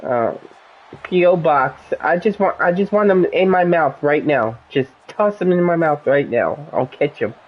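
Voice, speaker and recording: A gaming streamer chatting casually while playing, rambling and animated as they jump from one topic to the next. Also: medium pitch, unhurried, narrow, tinny audio.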